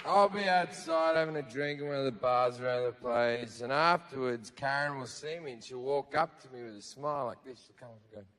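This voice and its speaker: A man's voice: mid-range voice, a little fast, few pauses, fairly bright tone. A man performing a stand-up comedy routine live, crude and sardonic, swearing often and acting out characters. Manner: crude, swearing, sardonic storytelling with acted-out voices. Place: live venue with audience.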